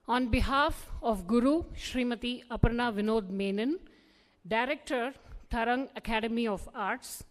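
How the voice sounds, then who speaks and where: A woman's voice: fairly high pitch, moderate pace. A woman, politely anchoring a formal stage event as master of ceremonies. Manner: polite, poised and welcoming. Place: large auditorium. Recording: long reverb of a live auditorium.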